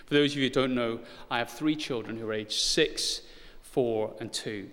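A man's voice: mid-range voice, normal speed, a bit bright. A man in his thirties preaching a sermon, earnest and building to urgent emphasis, with touches of self-deprecating humor. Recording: long hall reverb.

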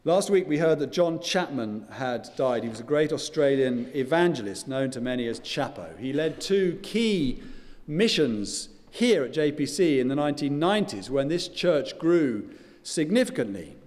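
An older man preaching a sermon as pastor, earnest and measured, letting his voice fall softly at the ends of phrases. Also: on the high side, expressive. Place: church. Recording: reverberant church hall.

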